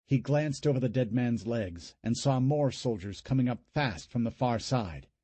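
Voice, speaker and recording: A man narrating a horror audiobook in a dramatic, expressive reading style, recorded close to the mic. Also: mid-range voice, normal speed, dry recording.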